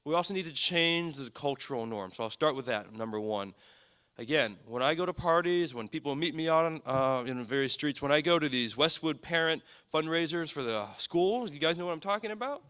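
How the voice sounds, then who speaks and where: A man's voice: a little high, lively intonation, brisk, fairly bright tone, clean tone. Emphatic man giving a talk. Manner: earnest, emphatic, lists points with repetition. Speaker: psychiatrist speaking at a lecture event. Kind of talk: public talk to an audience.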